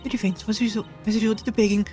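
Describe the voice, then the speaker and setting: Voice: mid-range voice, little pitch movement, rapid-fire, a little mellow, soft background music, voice pushed up, natural voice. A player reading the lines of a haughty prosecutor in a fan visual novel, formal and contemptuous. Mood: scornful.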